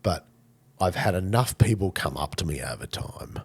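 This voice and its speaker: Gravelly, deep-voiced Australian man. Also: moderate pace. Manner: animated storyteller, blokey and jokey. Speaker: podcast host. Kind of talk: casual podcast chat.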